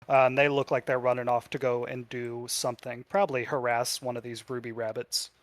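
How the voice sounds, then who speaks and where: A man's voice: mid-range voice, little pitch movement, fairly quick, no echo. A man narrating a tabletop game as game master, loose and full of fillers.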